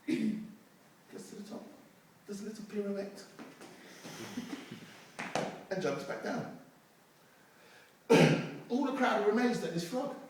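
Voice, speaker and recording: A man's voice: sits high, slow, pauses often, a little hiss or hum. A man giving a motivational talk to young people, telling stories and acting out the crowd's voices, heard in a hall. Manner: storytelling, animated, acts out crowd voices. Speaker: motivational speaker. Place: youth centre hall. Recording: distant mic in an echoey room.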